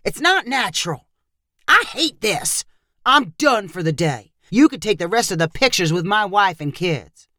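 A woman's voice: medium pitch, big pitch swings, a little slow, bright, forceful tone, no echo, clean studio sound, full character voice. A woman doing a whiny, grumpy dad. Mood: complaining. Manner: whiny, complaining. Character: grumpy stubborn middle-aged father.

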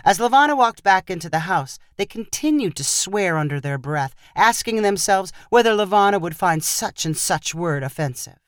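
A man narrating a short story in a measured reading voice. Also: sits high, expressive, fairly bright tone, clear, resonant tone, dry recording, studio quality.

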